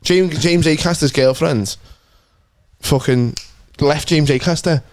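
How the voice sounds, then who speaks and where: A young man co-hosting a podcast in casual banter, crude and animated, often breaking into laughter. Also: on the high side, slow pace, no room sound. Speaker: podcast co-host.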